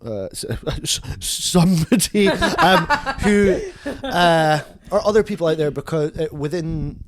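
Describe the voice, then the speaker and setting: A man hosting a casual chat who asks questions in a halting, hesitant way and laughs easily. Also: on the high side, very animated. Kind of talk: casual conversation.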